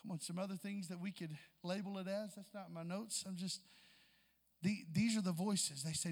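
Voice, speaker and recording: A man preaching a sermon in an impassioned way, building toward near-shouts and calling out to the congregation. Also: sits high, steady tone, brisk, vocal fry, long reverb tail.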